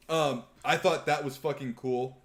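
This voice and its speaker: A young man hosting a live podcast, casually chatting and excitedly retelling a movie with lots of swearing. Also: medium pitch. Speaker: podcast host. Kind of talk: casual chat on a live stream.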